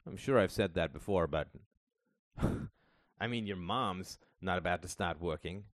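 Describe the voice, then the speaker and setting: A man's voice: sits low, unhurried, no echo, studio quality. A man reading the part of a middle-aged father who rambles, wheedles and swears, worried about money. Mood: rambling.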